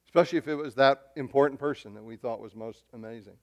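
Male pastor, mid-pitched voice, excitable sermon delivery with loud peaks and hushed asides, repeats words. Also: quick pace.

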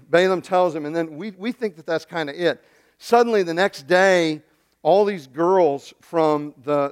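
A man preaching a sermon, retelling a scripture story with lively acting and humorous asides. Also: fairly high pitch, clean tone. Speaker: pastor.

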